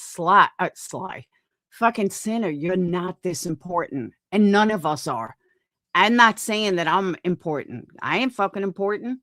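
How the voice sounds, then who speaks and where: A woman's voice: fairly low pitch, expressive, unhurried, fairly bright tone, dry recording, studio quality. A woman in her forties hosting a stream, reacting to clips in a blunt, mocking, profane way. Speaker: stream host reviewing clips. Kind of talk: casual reaction commentary.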